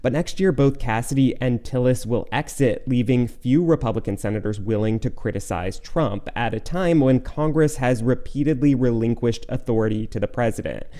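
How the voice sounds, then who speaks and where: Mellow-voiced male political reporter. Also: mid-range voice, normal speed, few pauses. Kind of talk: radio news two-way.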